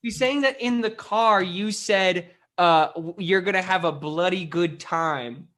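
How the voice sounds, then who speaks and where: A puzzled investigator, as a performer plays it, firing quick questions to sort out a timeline. The voice sits at a middle pitch. The scene is an improvised murder-mystery comedy. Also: a bit bright, close to an everyday voice.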